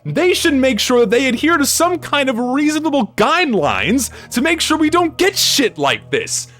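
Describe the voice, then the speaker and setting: A man with a high, swooping voice delivers a game review as a blunt, profanity-laced rant. His delivery is emphatic and lively throughout, with faint music playing quietly behind him. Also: moderate pace. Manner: blunt, heavy swearing, emphatic. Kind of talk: ranting review commentary.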